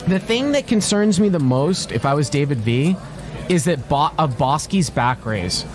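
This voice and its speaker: Analytical Boston-accented male poker commentator, somewhat high and very animated, crowd loud behind. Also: normal speed, noisy background. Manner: analytical, thinks aloud with restarts.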